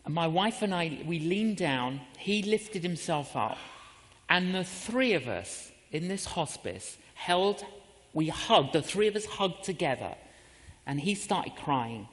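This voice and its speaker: A man preaching a storytelling sermon, animated, acting out the voices and inner prayers in his story. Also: on the high side, takes it slowly, big-room sound. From England.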